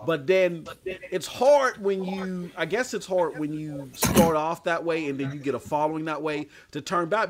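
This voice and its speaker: A man's voice: on the high side, moderate pace. A man hosting a casual podcast, talking loosely with plenty of swearing and laughter. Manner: profane, laughing, loose and rambling. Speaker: podcast host.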